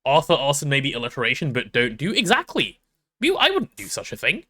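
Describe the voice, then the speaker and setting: A man's voice: mid-range voice, huge pitch swings, a little fast, bright, forceful tone. A young man chatting casually while streaming a game, rambling and playful with self-deprecating stories. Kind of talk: casual gaming stream chat.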